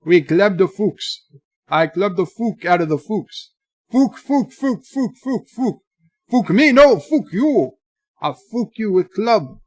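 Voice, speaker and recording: A man putting on a blustering, shouty comic Canadian seal-clubber voice with a mock accent. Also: high voice, sing-song, slow, husky, no echo, voice pushed up, full character voice. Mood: rowdy.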